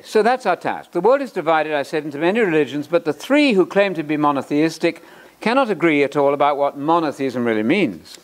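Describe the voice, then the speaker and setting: Animated, joking male Bible lecturer. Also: a little high. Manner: animated and joking, repeats words for emphasis, quotes authors aloud. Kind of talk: lecture-style sermon.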